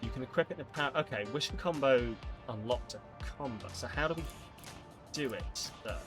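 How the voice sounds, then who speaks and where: A man on a live stream playing a game, reading its dialogue aloud and thinking out loud, with lively delivery. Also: medium pitch, a little fast, over music.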